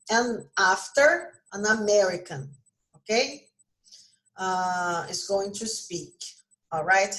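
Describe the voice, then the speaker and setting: A woman's voice: mid-range voice, a bit bright, poor audio. A woman from Brazil with a Brazilian accent, teaching an English lesson and asking her students questions. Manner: slow, questioning, repeats prompts to students. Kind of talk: online class lesson.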